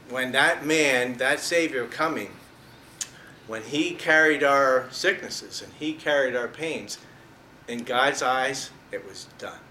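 This man's mid-range voice sounds bright and forceful as he gives a casual, chatty Bible lesson, hitting important words with real emphasis. He chuckles at his own humor, and the room echoes faintly with some low noise.

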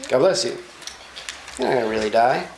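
A man's voice: mid-range voice, expressive, brisk, creaky, noisy background. A man voicing a sly, lying male serpent who coaxes in a casual tone, in an echoey room. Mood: coaxing.

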